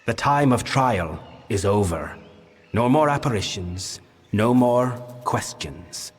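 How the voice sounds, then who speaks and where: An actor exaggerates his voice to play a weary, ancient winter fae king in video game dialogue, speaking slowly in a grave, formal, commanding way. His pitch is fairly low and animated, with a breathy edge. Long reverb and game music surround him.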